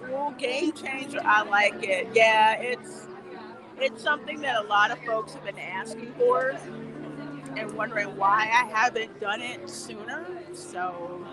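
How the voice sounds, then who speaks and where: Here the livestream host sounds a little high and unhurried, with music playing behind her. She strolls through a theme park queue amid outdoor crowd chatter, laughing and talking back to her viewers' comments.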